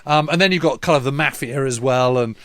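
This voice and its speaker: A man's voice: medium pitch, a little fast, fairly bright tone, no room sound. A man co-hosting a casual history podcast, talking enthusiastically with many restarts and repeated words. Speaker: podcast co-host.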